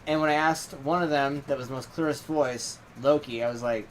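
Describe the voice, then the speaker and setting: A man's voice: a little high, steady tone, fairly quick, slight background noise, low-quality recording. A man hosting a podcast, telling a rambling story in casual chat, full of fillers and quoted dialogue. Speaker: podcast host.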